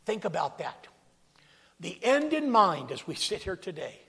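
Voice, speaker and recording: Slow dramatic preacher guy, high raspy voice, long echo like a big church hall. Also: big pitch swings, sharp tone. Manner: dramatic, acts out scripture quotes, calls to congregation. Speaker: pastor. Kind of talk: sermon. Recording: long reverb of a large hall.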